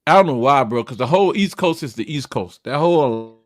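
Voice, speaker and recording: A man hosting sports radio in loose, profane banter. His delivery is animated and swings up and down, and his voice sounds dry and close, with little room sound around it. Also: medium pitch, a little fast, dry recording. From North Carolina.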